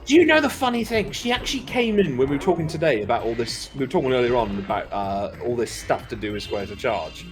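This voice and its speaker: A man's voice: medium pitch, fast talker, hardly any pauses, faint music behind. A Welsh man in casual chat, telling long rambling stories with plenty of swearing and laughter. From Wales. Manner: rambling storyteller, swears freely, lively laughter. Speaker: co-commentator.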